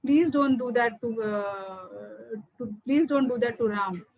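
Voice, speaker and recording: A grieving old king, put on by a woman storyteller, pleads over and over in a husky, raised voice. The stays throughout, and he never lets up. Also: a little high, takes it slowly, dry recording, dull audio, heavily acted. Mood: pleading. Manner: pleading, repeating himself.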